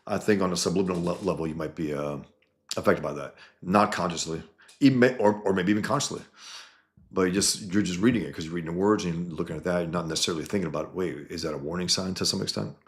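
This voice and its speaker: Man, very low voice, casual talk to viewers, rambling, lots of restarts and asides. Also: fast. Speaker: cartoonist presenting his own comic book. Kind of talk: casual talk to viewers while showing pages.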